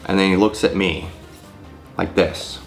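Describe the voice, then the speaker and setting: A man in his thirties, the host of his own channel, tells a story in a low voice. He is animated and swears freely, and soft music plays faintly under him. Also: measured pace, creaky. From California. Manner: animated, profane, laughs often. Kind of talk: casual storytelling vlog.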